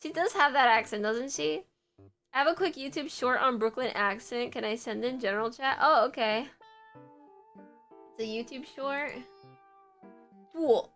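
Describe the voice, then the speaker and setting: A woman's voice: a little high, normal speed, a bit bright, faint music behind. A woman streamer chatting casually on a livestream, often repeating words back to herself.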